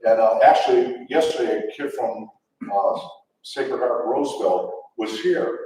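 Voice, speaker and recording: A man's voice: mid-range voice, measured pace, mellow. An older man telling rambling, chuckling football stories to a luncheon audience, with many restarts. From Detroit area, USA. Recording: echoey event hall, distant mic.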